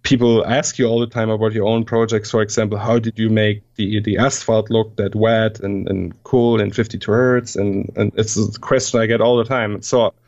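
A man with a German accent who is a native German speaker, chatting casually as an interview guest, halting often with fillers, restarts and casual swearing. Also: on the low side, flat delivery, a little mellow, lo-fi sound. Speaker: guest CGI artist.

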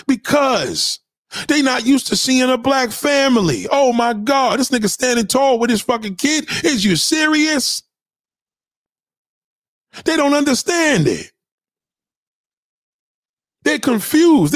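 Casting: man with a high, reedy voice, ranting hard into a close dry mic, profane and confrontational. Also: lively intonation, moderate pace, no echo. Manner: profane, confrontational, swings between loud and low. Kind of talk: ranting monologue.

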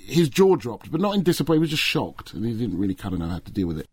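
Casting: English male author, quick husky delivery, anecdotal. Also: mid-range voice, big pitch swings, darkish tone, no room sound, studio quality. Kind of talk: interview anecdote.

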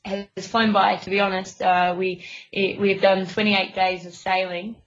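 A woman's voice: mid-range voice, little pitch movement, measured pace. A young adult woman sailor, interviewed in a casual radio chat, talking hesitantly with many fillers and restarts. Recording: dull lo-fi line.

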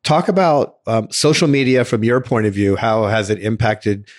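Male host, lowish voice, measured and encouraging, dry close sound. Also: no room sound. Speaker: podcast host. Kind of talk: casual interview talk.

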